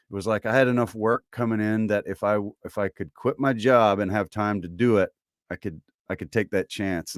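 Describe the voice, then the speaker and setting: Low-voiced Southern man, relaxed drawl. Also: dry recording, clean studio sound. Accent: Southern American. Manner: relaxed, thoughtful, trailing fillers. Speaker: voice actor guest. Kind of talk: casual podcast conversation.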